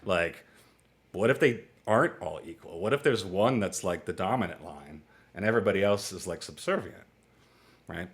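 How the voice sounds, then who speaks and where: Chatty, slightly low-voiced male music teacher. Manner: chatty and digressive, with quick asides and laughs; acts out dialogue with lively jumps in pitch. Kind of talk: casual lecture to a small online class.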